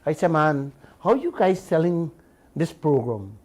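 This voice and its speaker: A man with a Guyanese accent hosting a radio talk show, telling stories in an animated, indignant way and repeating himself. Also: a little high, measured pace, low-quality recording. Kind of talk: heated talk radio monologue.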